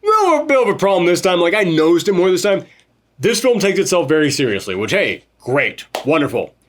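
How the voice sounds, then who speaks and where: A man co-hosting a casual film review chat, animated, swearing freely and mimicking characters as he goes. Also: high-pitched, a little fast. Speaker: podcast co-host reviewing a film.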